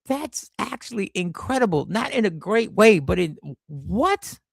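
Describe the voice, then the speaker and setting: A man hosting a casual livestream from an airport, greeting the chat by name and reacting to their comments in a lively, slangy way. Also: sits high, measured pace, vocal fry, husky, no echo, studio quality. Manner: animated, slangy, reacts to chat with sudden exclamations. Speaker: livestream host.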